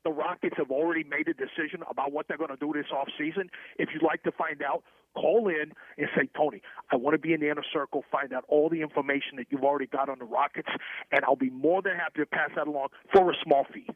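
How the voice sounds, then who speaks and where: A man's voice: fairly even intonation, fast, dry recording, natural voice. A man playing a brash, shady middle-aged hustler with a North Jersey accent, rambling and boasting in a comedic sports radio bit. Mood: boastful. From New Jersey. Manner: boastful rambling pitchman, hard sell. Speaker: comic caller character. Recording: tinny, dry phone line.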